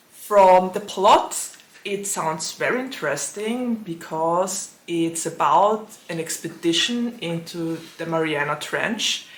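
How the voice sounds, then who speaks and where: Woman with a sore throat, lowish voice, slow and unhurried, chatty, laughs between thoughts, echoey room. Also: a bit bright. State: sore throat, voice lower than usual. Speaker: booktube host. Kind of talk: casual to-camera book chat.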